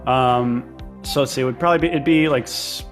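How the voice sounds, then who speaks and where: A man's voice: mid-range voice, fairly quick, music in the background. A man narrating as game master of a tabletop role-play game, chatty with lots of fillers.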